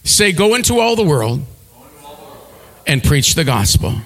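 A man preaching a sermon, telling a story with halting repeats and leading the congregation in call-and-response. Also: fairly high pitch, big pitch swings, a bit bright, big-room sound. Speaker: pastor.

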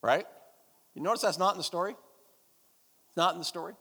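A man's voice: high voice, fairly quick, bright, forceful tone, slightly rough. A man preaching a sermon and leading prayer in a church, emphatic and repetitive, calling out to the congregation. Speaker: pastor. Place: church service. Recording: long church hall reverb.

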